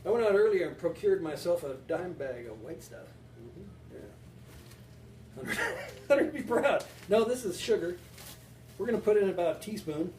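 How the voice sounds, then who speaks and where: A man's voice: sits high, lively intonation, moderate pace, long pauses, warm tone, slight background noise. A man hosting a home cocktail show, rambling and joking as he talks to his viewers while mixing a drink. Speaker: home bartending show host. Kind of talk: joking casual cocktail demo. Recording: echoey room, distant mic.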